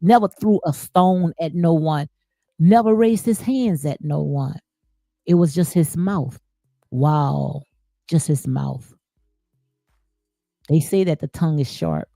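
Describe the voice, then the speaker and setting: A woman's voice: deep voice, dark tone, no echo. A woman giving impassioned spiritual commentary, preachy and emphatic, repeating phrases for emphasis. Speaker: commentary host.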